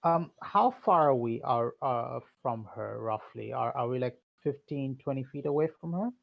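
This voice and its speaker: A man's voice: medium pitch, expressive, moderate pace, creaky, lo-fi sound. A man playing a tabletop game online, hesitant, with many fillers. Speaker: player. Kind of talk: casual tabletop game talk.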